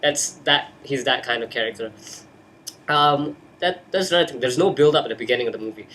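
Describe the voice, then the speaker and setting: A man's voice: medium pitch, fairly quick, a bit bright, a little hiss or hum. A young man talking casually about a film into a webcam in his bedroom, hyper and jokey. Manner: hyper, jokey, breaks into silly put-on voices. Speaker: host. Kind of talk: casual movie chat.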